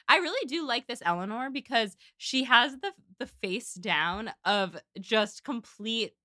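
A woman's voice: medium pitch, expressive, normal speed, hardly any pauses, bright, forceful tone, dry recording, clean studio sound. A young woman co-hosting a podcast, chatting casually and acting out quotes as she recaps scenes. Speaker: podcast co-host. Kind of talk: casual chat.

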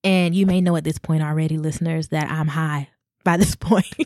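Lively woman host telling a story. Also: sits low, normal speed, dry recording, clean studio sound. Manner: animated, laughing often, addresses listeners as y'all. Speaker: podcast host. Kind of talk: casual storytelling.

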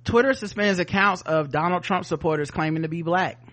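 Male podcast co-host with a slightly higher voice. Sardonic, cusses freely, reads headlines and then riffs. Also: a little fast, a bit bright. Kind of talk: casual news-commentary chat.

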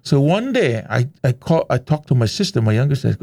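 A middle-aged man from Hawaii speaks, at an average pitch for a man. He tells stories in a loose, animated, laid-back way, as a guest in a casual interview. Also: fairly quick, few pauses. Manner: animated, laid-back storyteller who slips into voices.

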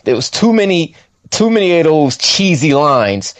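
A man co-hosting a podcast, chatting casually about a film with slang and quick quoted asides. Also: dry recording. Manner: animated, swoops up high when quoting himself, slangy. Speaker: podcast co-host reviewing a film. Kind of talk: casual chat.

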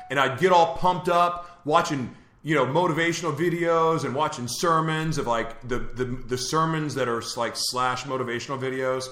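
A man's voice: a little high, moderate pace, sharp tone, reverberant. A man hosting a live talk show, telling a personal story in a candid, earnest way. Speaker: host.

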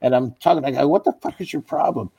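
A man, a stand-up comedian, telling profane, animated anecdotes in casual chat with fellow comics. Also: on the high side, quick pace, creaky, breathy edge, dry recording. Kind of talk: casual storytelling among comics.

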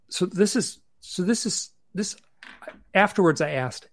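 A man speaks over a video call from his bedroom, his voice gravelly with a bit of fry. He tells his story casually and haltingly, restarting phrases and filling gaps with "um". The sound is dry and close, with no room around it. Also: fairly high pitch, animated, dry recording. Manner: halting, many restarts and fillers. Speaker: podcast guest. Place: bedroom at home.

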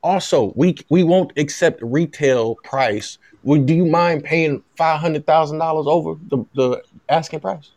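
A man voicing a pushy, smooth-talking male sports agent with a put-on Southern accent, slow and polite as he piles on demands. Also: a little high, a little mellow, dry recording. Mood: wheedling. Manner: slow, polite, wheedling deal-making.

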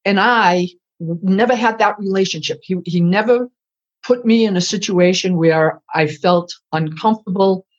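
Older woman, lively storyteller. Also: medium pitch, moderate pace. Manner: animated storyteller acting out dialogue. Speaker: retired culinary instructor. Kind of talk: oral history interview. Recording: dull lo-fi recording.

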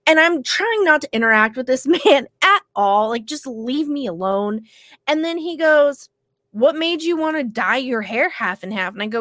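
A woman co-hosting a podcast, still congested from illness, telling an animated story with casual swearing. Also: high voice, normal speed, no echo, studio quality. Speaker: podcast co-host.

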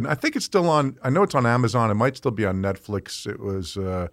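A man with a New Jersey accent, chatting as a guest in an interview, talking fast and telling stories with animation. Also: medium pitch, no room sound. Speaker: guest author. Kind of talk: casual interview chat.

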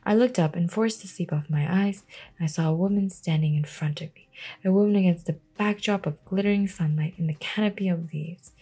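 A woman's voice: lowish voice, brisk, mellow, breathy edge. A woman reading a novel aloud at bedtime, casually, stumbling and restarting often. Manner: reads with frequent stumbles and restarts.

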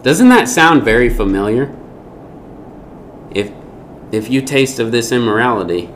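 Guy teaching a bible lesson, mid-pitched voice, lots of punchy rhetorical questions, faint hiss behind. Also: expressive, a little slow, long pauses. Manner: emphatic, asks rhetorical questions.

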